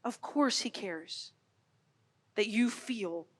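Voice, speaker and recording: A woman in her thirties giving an expressive, storytelling talk to a youth conference, swinging from loud to hushed. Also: mid-range voice, slow, breathy edge, big-room sound. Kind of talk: animated Catholic youth talk. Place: large hall.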